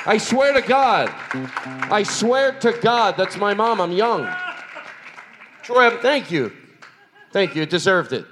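A man hosting a live comedy show, talking in a scattered, laughing rush. His voice is high for a man. Music plays under the stage sound. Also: expressive, unhurried, long pauses, a crowd in the background.

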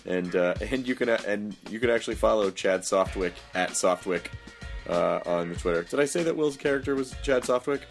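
A man's voice: fairly low pitch, fairly quick, gravelly, soft background music. A man hosting a podcast in casual chat, rambling with many fillers and frequent laughs. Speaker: podcast host.

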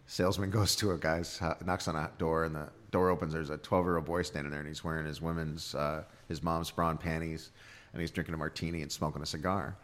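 A man's voice: level tone, fast talker, fairly bright tone. A man telling crude jokes in a casual podcast chat, acting out the characters in his stories. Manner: loose, storytelling, bursts into high put-on voices for jokes. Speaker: comedian and podcast co-host.

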